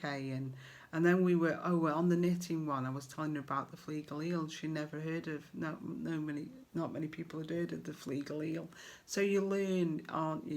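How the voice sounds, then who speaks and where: A middle-aged English woman chatting casually to her viewers as a crafting vlogger, rambling with fillers and friendly asides. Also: sits low.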